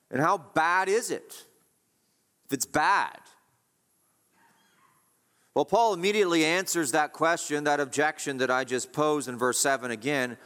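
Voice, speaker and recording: A man's voice: medium pitch, unhurried, pauses often, a bit bright. A man preaching a sermon as pastor, asking rhetorical questions and repeating his points with emphasis. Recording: long hall reverb.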